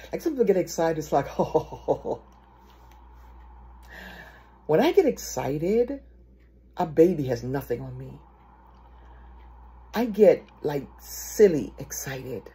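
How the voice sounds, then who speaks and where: A woman preaching a sermon in a lively storytelling way, acting out the excited voices of people she quotes. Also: deep voice, husky. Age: adult.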